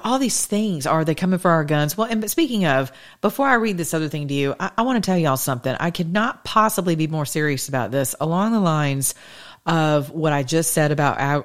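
A middle-aged woman with a low voice hosts a political talk show, delivering an animated, sassy, opinionated monologue to listeners that's packed with rhetorical questions.

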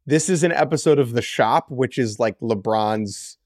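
A man's voice: medium pitch, moderate pace, darkish tone, no echo. Joking male podcast co-host, dry sound. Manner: joking, reads listener comments aloud. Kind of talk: casual podcast chat.

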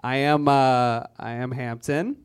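A man's voice: mid-range voice, fairly even intonation, takes it slowly, slight background noise. A man from Virginia doing a stand-up comedy set on a club stage, mocking the voices of the people he describes. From Virginia, USA. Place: comedy club stage before a live audience.

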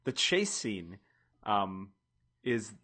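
A man's voice: fairly low pitch, big pitch swings, drawn-out words, bright, forceful tone, slightly rough. A man on a podcast panel, chatting enthusiastically. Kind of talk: casual chat.

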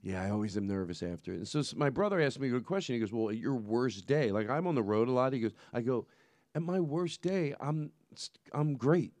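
A man's voice: mid-range voice, a little fast, no room sound. A man hosting a podcast in casual, rambling chat, often breaking off mid-sentence and laughing. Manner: animated, rambling, self-interrupting, laughs often. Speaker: podcast host.

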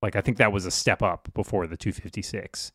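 Low, dry-voiced man musing in a chat. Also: fairly even intonation, fairly quick, a bit bright, no echo. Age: 40s. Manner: musing, thinks aloud. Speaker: podcast co-host. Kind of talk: casual chat.

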